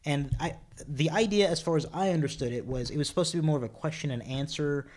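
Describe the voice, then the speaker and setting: A man's voice: on the high side, fast, a little mellow. A man who is a guest on a gaming podcast, talking loosely and telling anecdotes in casual chat.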